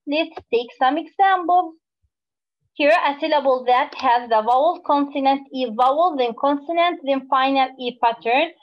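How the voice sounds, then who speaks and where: A woman teaching a phonics lesson to young children, explaining slowly and repeating words. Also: high voice, dull audio. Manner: slow, drawn-out teacherly explaining with repetition.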